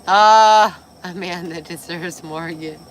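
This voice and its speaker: A woman hosting a casual livestream, a little tipsy and hoarse, gushing and swearing as she reads viewer comments. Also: on the low side, slow, a little hiss or hum. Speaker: livestream host.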